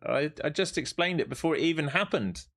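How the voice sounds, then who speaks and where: A man doing live trading stream commentary, animated and swearing freely as he talks through the chart. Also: on the high side, fairly quick. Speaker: live-stream day trader.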